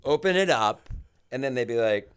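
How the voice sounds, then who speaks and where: A man's voice: medium pitch, moderate pace, clear, resonant tone, dry recording. A man in his forties, a podcast guest telling stories in casual chat and acting out what others said. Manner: animated storyteller, acts out quotes loudly.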